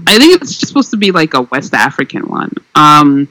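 Opinionated man with a crisp, dry voice. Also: on the high side, fairly quick, no room sound, low-quality recording. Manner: opinionated, animated, frequent "um" and "like". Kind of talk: casual chat.

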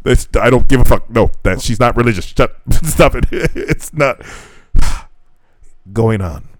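A man's voice: mid-range voice, measured pace, dry recording. A young man on a podcast, casually telling a dating story, swearing freely and acting out the dialogue. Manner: profane, animated retelling with quoted dialogue. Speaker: podcast co-host.

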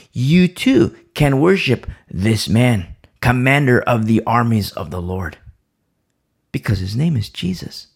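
Preaching at a midweek Bible study, this teacher has a husky, gravelly voice whose pitch rises and falls sharply as he presses his points. He frequently says a phrase twice to stress it.

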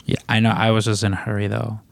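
A man's voice: on the low side, flat delivery, fast, vocal fry. A man co-hosting a podcast, chatting casually with lots of "like" and restarts, joking around. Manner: rambling, many fillers and restarts, jokey. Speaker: podcast co-host. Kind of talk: casual chat.

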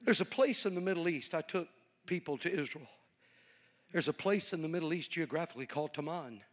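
A man's voice: on the high side, animated, fairly quick. A man preaching a storytelling sermon, folksy and conversational, swelling into a fervent preaching cadence. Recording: long reverb of a large hall.

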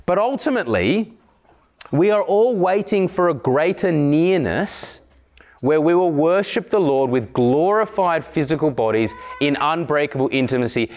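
A man preaching a sermon in a church, earnest, slowing down on emphatic phrases. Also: on the high side, expressive, a little mellow. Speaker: pastor.

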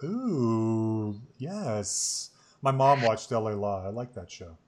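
A man's voice: lowish voice, expressive, takes it slowly, a little mellow. Chatty man in his forties hosting. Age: 40s. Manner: chatty and rambling, laughs easily. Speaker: podcast host. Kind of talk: casual chat.

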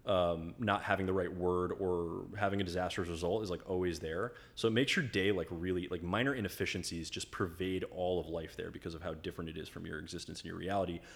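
A man's voice: low-pitched, fairly even intonation, fast, gravelly, hardly any pauses. A man telling stories as a guest in a casual conversation, rambling and filling his talk with "like". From United States. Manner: rambling storyteller, filler-heavy, full of "like".

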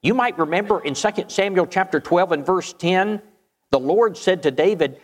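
Male preacher, raised pitch, storytelling sermon, long reverb tail. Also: normal speed. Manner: storytelling with rhetorical questions.

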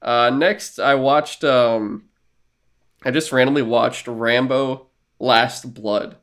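A man's voice: medium pitch, fairly even intonation, slow, fairly bright tone. A man co-hosting a podcast in casual chat, rambling and joking with casual swearing. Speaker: podcast co-host.

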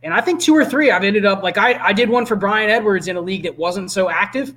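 A man with a fairly high voice talks through his fantasy football approach in an easygoing, explanatory way. He sounds relaxed and chatty as a guest. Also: fast. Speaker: podcast guest. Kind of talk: casual fantasy football chat.

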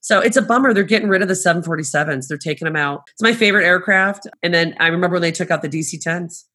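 A middle-aged woman, a travel agent, telling stories in casual conversation, animated and laughing often as she acts out what people said. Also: on the low side, rapid-fire.

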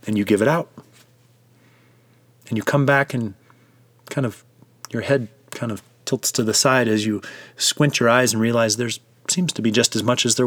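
A male preacher tells a devotional story in a vivid, immersive way, inviting listeners into the scene. His voice sits at a middle pitch. The recording is dry and close. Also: fairly bright tone, no room sound.

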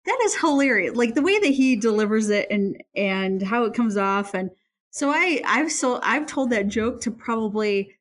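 A woman in casual conversation, an animated storyteller who laughs often while recounting a book. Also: fairly high pitch, normal speed.

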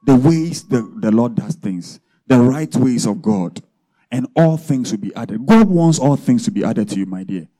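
A man's voice: medium pitch, lively intonation, moderate pace, warm tone. A man preaching a sermon as pastor, often checking in with the congregation through rhetorical questions.

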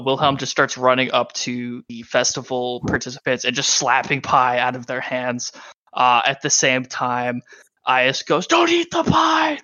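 A man narrating a tabletop game as dungeon master, halting with many fillers. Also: mid-range voice, pushed and bright, no room sound, muffled recording.

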